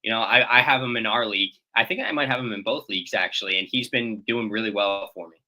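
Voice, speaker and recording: A man's voice: on the low side, fast talker, pushed and bright, low-quality recording. A man co-hosting a morning baseball show, reeling off player stats in easygoing banter. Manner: reads stats, laid-back banter. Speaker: co-host. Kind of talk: casual sports talk.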